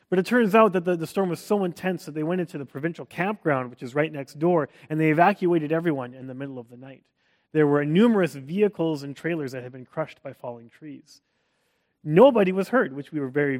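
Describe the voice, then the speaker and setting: A Canadian man preaching to his church, his voice sitting a little higher than most men's. He tells stories in an earnest, conversational way and mixes in light humour as he leads into scripture. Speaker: pastor. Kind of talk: sermon.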